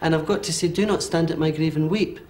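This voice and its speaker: A Scottish man in his forties giving a medium's reading, talking in a quick, animated way with many fillers and checks. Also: a little high. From Scotland. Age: 40s. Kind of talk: live one-to-one reading before an audience.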